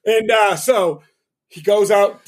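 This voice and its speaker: A young man with a slightly high voice tells a loose, profane story on a podcast. Between his stories he drops quick, short reactions to his co-host. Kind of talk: casual storytelling chat.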